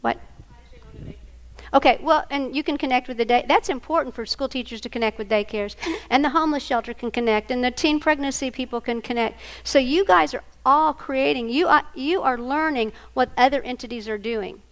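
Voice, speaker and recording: A woman's voice: high-pitched, a little fast. An older woman, a grandmother, presenting a live training workshop and quizzing her audience. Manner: animated, asks the audience questions.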